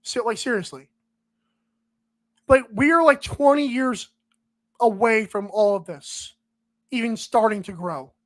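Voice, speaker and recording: Man, high voice, podcast host, emphatic sarcastic rant. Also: a little slow, pauses often, a bit bright. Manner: emphatic ranting, sarcastic repetition. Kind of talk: solo sports podcast commentary.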